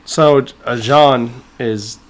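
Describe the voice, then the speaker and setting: A man's voice: medium pitch, very slow. A man co-hosting a casual chat, joking and swearing. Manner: joking, swears, mimics accents. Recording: very noisy recording with clicks.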